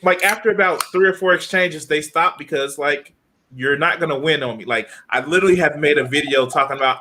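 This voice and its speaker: A man's voice: a little high, fairly quick, a little hiss or hum. A man, a guest YouTuber, telling boastful stories in a casual chat and laughing often. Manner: animated, boastful storytelling with laughs.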